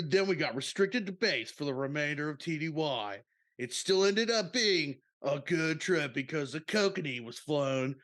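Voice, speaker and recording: A drawling, easygoing surfer-dude storyteller, as a podcast host puts him on. He leans on dude and bro at the end of his lines, with a middling pitch. The whole thing is a playful comic reading. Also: fairly bright tone. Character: laid-back surfer-dude man telling a story. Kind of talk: comic reading of a listener submission.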